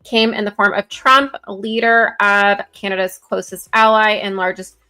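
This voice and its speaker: A woman co-hosting a casual political commentary show over a video call, chatty and giggly, reading news aloud with quick asides. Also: medium pitch, little pitch movement, sharp tone, smooth. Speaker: co-host. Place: home, virtual background.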